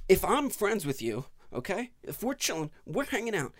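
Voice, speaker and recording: A man's voice: high-pitched, big pitch swings, normal speed, few pauses, no room sound. Young man ranting on a podcast. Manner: rambling and profane, swinging between mumbles and loud outbursts. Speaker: podcast host. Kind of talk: casual solo podcast rant.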